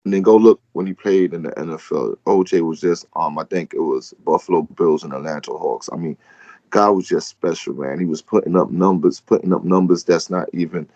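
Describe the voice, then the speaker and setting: A man's voice: sits low, fairly quick, dark tone, dry recording, muffled recording. A man co-hosting a casual podcast, talking loosely with lots of fillers. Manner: loose and conversational, many "um"s and "man"s. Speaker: podcast co-host.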